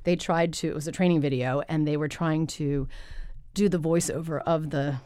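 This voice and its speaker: A woman who runs a voice-over and translation business, talking about her work as a podcast guest in an enthusiastic, animated way. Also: low-pitched, clear, resonant tone, no room sound, studio quality. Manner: enthusiastic, animated, talks fast when excited. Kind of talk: casual conversational interview.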